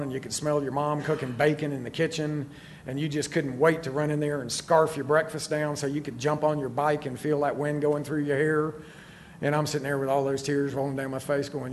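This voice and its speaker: A man's voice: fairly high pitch, a little hiss or hum. Candid middle-aged man sharing recovery story. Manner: candid, self-deprecating storytelling with fillers. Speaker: recovery speaker. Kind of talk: personal recovery talk.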